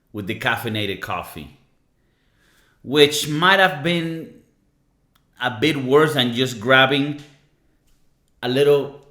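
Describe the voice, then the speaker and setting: A young man rants on a casual podcast, swearing freely and slipping into mocking impressions of the people who annoy him. His voice sits in a middle pitch. The room around him rings with a noticeable echo. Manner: profane, animated venting with mocking impressions. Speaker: podcast co-host. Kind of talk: casual ranting monologue. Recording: echoey room.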